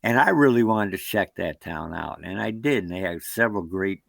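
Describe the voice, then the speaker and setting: An American long-distance canoeist with a low, creaky voice tells rambling, animated stories in an interview, acting out what people said. He speaks at normal speed, and there's no room sound.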